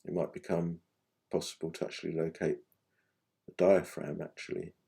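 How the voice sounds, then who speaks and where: A man giving gentle, unhurried guided meditation instruction, his phrases often trailing off softly at the end. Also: sits low, little pitch movement, creaky, breathy edge. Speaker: meditation teacher.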